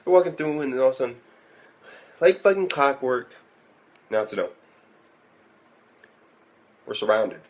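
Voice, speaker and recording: A man's voice: medium pitch, lively intonation, normal speed, pauses often. Guy recapping an anime ep, lots of cussing, voice jumps all over when he's in disbelief. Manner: profane, incredulous, laughs while retelling. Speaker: anime reviewer. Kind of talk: casual episode recap.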